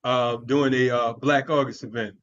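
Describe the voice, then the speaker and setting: This is a man hosting a video call, bantering casually and repeating words as he starts his sentences. His voice is mid-pitched and comes through muffled and lo-fi. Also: flat delivery, normal speed, a bit bright. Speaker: host. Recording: dull lo-fi call audio.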